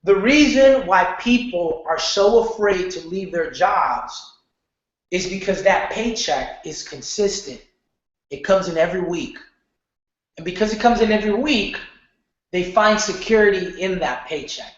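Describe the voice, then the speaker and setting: A man teaching an online marketing lesson in a casual, animated way, often checking in with "okay?" and slipping into slang. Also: high voice, measured pace. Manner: animated, repeats "okay?", loose slangy talk. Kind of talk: casual training lecture. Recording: very echoey, muffled room.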